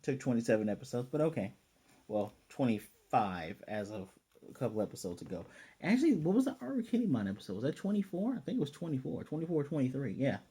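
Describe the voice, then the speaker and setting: A young man casually recapping a cartoon episode, rambling and slipping into quick quoted asides. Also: mid-range voice, very animated, mellow, husky. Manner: rambling, retells scenes with quick voiced asides. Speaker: anime reviewer.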